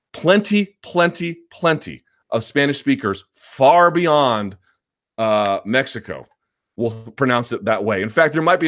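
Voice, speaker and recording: A man hosting a live podcast chat, arguing his points emphatically and then talking casually with many fillers. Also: medium pitch. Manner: emphatic and combative, repeats points. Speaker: MMA podcast host. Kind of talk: live-stream commentary.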